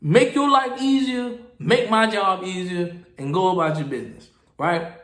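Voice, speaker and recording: High-pitched guy ranting animated podcast style, echoey room. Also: normal speed. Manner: animated storytelling, mimicking people. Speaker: podcast host, security guard. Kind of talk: casual podcast monologue.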